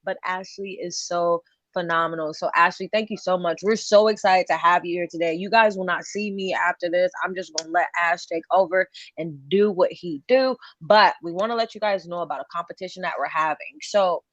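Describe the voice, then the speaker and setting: A woman's voice: fairly low pitch, a little fast, no room sound, lo-fi sound. A woman hosting an online session, talking casually with lots of fillers and laughter. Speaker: session host. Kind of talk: casual webinar introduction.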